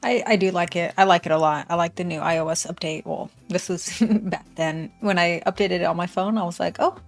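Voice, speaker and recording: A woman's voice: on the low side, steady tone, brisk, vocal fry. A woman hosting a reaction video, making chatty, laughing asides to her viewers. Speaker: reaction channel host. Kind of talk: casual reaction commentary.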